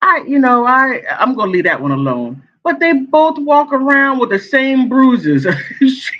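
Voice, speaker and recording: High, animated man dishing gossip. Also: a little slow, a little hiss or hum. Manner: sassy, animated, laughs often. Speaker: celebrity gossip vlogger. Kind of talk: casual commentary. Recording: dull lo-fi sound.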